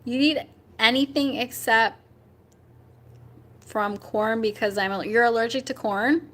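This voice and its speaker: A young woman hosting a casual chat, talking with her viewers, rambling with fillers and jumping up in pitch when she reacts. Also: measured pace, fairly bright tone. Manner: chatty and rambling, with many fillers and laughs. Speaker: livestream host chatting with viewers.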